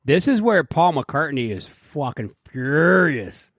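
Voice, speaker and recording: A podcast co-host with a slightly high voice speaks slowly on clean studio sound with no echo. In casual chat he's loud and swears a lot, telling animated stories and putting on voices for the quotes he acts out.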